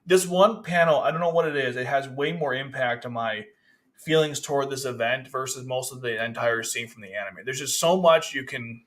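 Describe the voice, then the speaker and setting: A man's voice: mid-range voice, normal speed, fairly bright tone. A man casually reviewing a manga chapter, rambling, with frequent restarts. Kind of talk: casual commentary.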